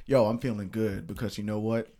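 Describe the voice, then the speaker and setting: A man's voice: fairly low pitch, a little fast. A man guest on a podcast, telling jokes with dry setups in casual chat. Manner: joking, deadpan setups.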